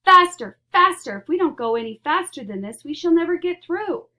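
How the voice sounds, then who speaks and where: A woman's voice: a little high, animated, close to an everyday voice. A woman doing a bubbly, eccentric candy maker. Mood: excited. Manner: brisk, bubbly, emphatic.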